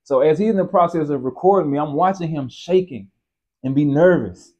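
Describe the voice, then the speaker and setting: A man's voice: a little high, lively intonation, brisk, a little mellow, dull audio. A man co-hosting, retelling a confrontation in heated, emphatic casual chat. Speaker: co-host.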